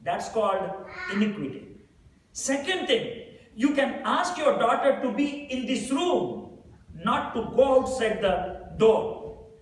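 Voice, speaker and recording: A man's voice: very high voice, expressive, slow pace, slight background noise. A man preaching a sermon, retelling a story with quoted dialogue and then explaining it plainly to the congregation. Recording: very echoey room, mic far away.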